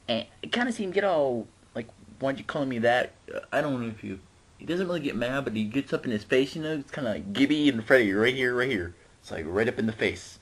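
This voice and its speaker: A man giving a casual, rambling episode recap, chatty and laughing often. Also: mid-range voice. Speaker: TV episode reviewer.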